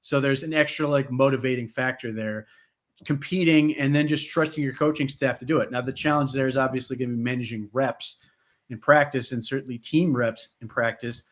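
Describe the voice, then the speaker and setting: A man's voice: medium pitch, steady tone, a little fast, fairly bright tone. Chatty male sports podcast host. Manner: chatty, lots of "like" and "you know". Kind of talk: casual sports podcast talk.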